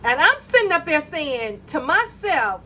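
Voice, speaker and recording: A middle-aged woman recounts her own faith story in a high, animated voice. She slips into the voices of the people in it as she goes. A faint room ambience sits under her speech. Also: unhurried, slight background noise. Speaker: mother telling a personal faith story. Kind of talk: personal testimony storytelling.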